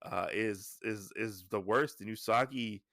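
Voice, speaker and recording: A man's voice: fairly low pitch, a little slow, creaky, fairly bright tone, dry recording, clean studio sound. A man hosting a podcast who recaps a comic in a casual, rambling way, with lots of restarts and "you know", lifting his voice when he paraphrases characters. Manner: paraphrases characters' lines in a lifted voice. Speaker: podcast host.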